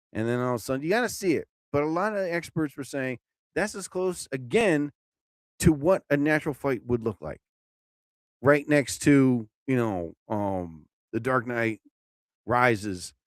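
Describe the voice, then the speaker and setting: A man hosting his own live show, rambling casually and exclaiming loudly as he talks. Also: mid-range voice, expressive, a little slow, no echo, studio quality. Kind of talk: casual live-stream monologue.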